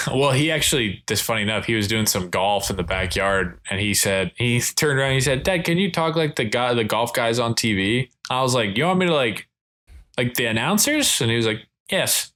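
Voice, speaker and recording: Bright-voiced man chatting casually. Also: medium pitch, brisk. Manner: relaxed, rambling with self-conscious laughs. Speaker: podcast co-host. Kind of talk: casual chat.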